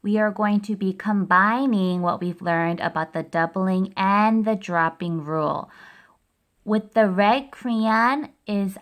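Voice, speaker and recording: A woman teaching a recorded phonics lesson to first graders, explaining spelling rules step by step in a patient way. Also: fairly low pitch.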